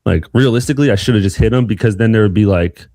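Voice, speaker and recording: A young man co-hosting a podcast, telling a rambling, animated story in casual chat. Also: fairly low pitch, quick pace, dry recording, clean studio sound. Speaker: podcast co-host.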